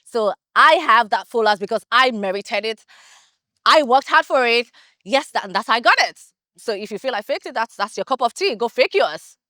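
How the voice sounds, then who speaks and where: A woman's voice: fairly high pitch, animated, brisk, hardly any pauses, sharp tone, dry recording, studio quality. A woman, a reality show contestant, giving a boastful, defiant confessional and repeating herself often. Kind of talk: confessional interview.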